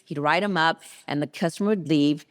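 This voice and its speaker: A middle-aged woman, a podcast guest, telling a story in a lively, casual way and acting out the people in it. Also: low voice, fairly quick. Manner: lively anecdote teller who acts out quoted people.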